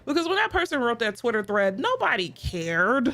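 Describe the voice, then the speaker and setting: A woman's voice: on the high side, very animated, moderate pace, a bit bright, soft background music. A young woman streaming a game, chatting casually in a blunt, profane way and laughing often.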